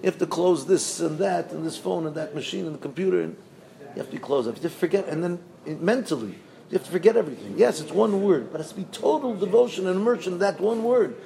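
A man's voice: sits high, animated, fast talker, gravelly, warm tone, rough recording. A male rabbi giving a sermon, telling stories animatedly and chanting repeated verses.

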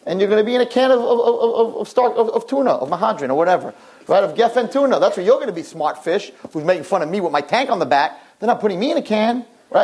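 Older male rabbi, husky and a touch high-pitched, animated storyteller for a sermon. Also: a little fast. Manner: animated, jumps into high excited voices.

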